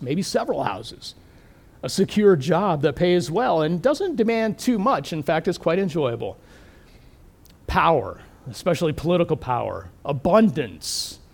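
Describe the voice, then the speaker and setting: A middle-aged man preaching a sermon, thoughtful and questioning, slowing down to stress key words. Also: fairly high pitch, a little mellow. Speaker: pastor.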